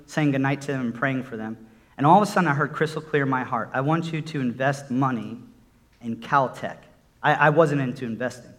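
A man's voice: mid-range voice, a bit bright. A middle-aged man preaching a sermon, telling a personal testimony in an earnest storytelling way that builds into emphatic exhortation.

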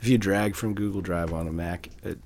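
Casting: very low male guest, brisk, matter-of-fact, faint background hiss. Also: steady tone, a little mellow. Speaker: musician guest. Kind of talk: casual chat.

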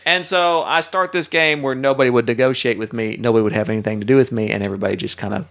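A man's voice: medium pitch, fairly even intonation, fast talker, vocal fry, fairly bright tone. A man co-hosting a podcast, chatting casually and rambling through jokes with frequent laughter. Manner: joking, rambling, often laughing. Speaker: podcast co-host. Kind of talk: casual chat.

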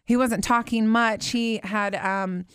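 A woman in her thirties with a fairly high, smooth voice tells a heartfelt faith testimony. She speaks earnestly and slows down to stress the words that matter most. The sound is dry and close. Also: steady tone, a bit bright, no room sound.

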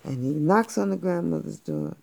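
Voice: medium pitch, expressive, moderate pace, creaky, mellow. A parent improvising a playful, slangy bedtime story for a child, doing the voices.

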